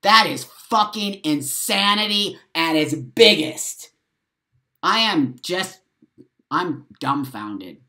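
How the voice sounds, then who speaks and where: A man's voice: high-pitched, expressive, takes it slowly, bright, forceful tone. A man hosting a live stream, giving an angry, profane rant and hammering his points with repeated phrases. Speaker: livestream host. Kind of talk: heated livestream rant. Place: at home, drinking coffee on a live stream.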